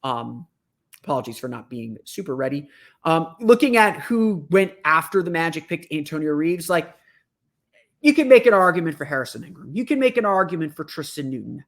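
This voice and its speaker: A man's voice: a little high, big pitch swings, a little fast. A man hosting a solo sports podcast, thinking aloud with frequent restarts and fillers. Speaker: podcast host.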